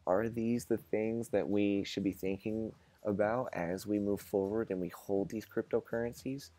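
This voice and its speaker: A man's voice: on the low side, mellow. A man hosting his own vlog, musing aloud in a casual monologue and posing rhetorical questions to his viewers. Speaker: vlog host.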